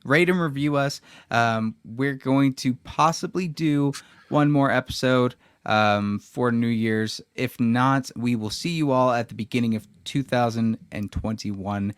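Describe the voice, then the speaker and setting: A man's voice: mid-range voice, unhurried, smooth, no echo. Young male podcast co-host, playful and profane, dry close-miked sound. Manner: joking, swears freely. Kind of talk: casual podcast chat.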